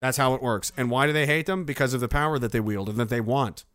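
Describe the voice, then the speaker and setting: A man's voice: medium pitch, quick pace, a bit bright, clear, resonant tone, no room sound, studio quality. A middle-aged man hosting a casual livestream, reading out viewer messages and reacting with sarcastic, swearing rants. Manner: sarcastic, ranting, swears freely.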